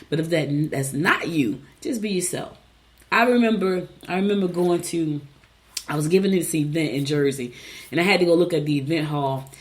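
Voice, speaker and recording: A woman radio host reading horoscopes in a casual, chatty way, with animated storytelling asides. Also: lowish voice.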